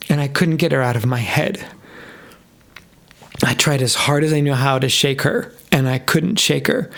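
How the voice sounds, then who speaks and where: A man's voice: fairly high pitch, gravelly. A man in his fifties, a pastor, earnestly and emotionally telling his personal story in an interview. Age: 50s. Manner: earnest, openly emotional, animated retelling. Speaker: guest, pastor.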